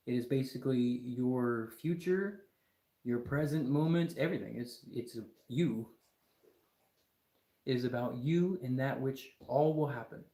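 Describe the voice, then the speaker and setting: Man, livestream host, emphatic exasperated talk, warm mellow voice. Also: medium pitch, roomy sound. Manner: emphatic, ranting, with exasperated repetition. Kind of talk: casual livestream chat.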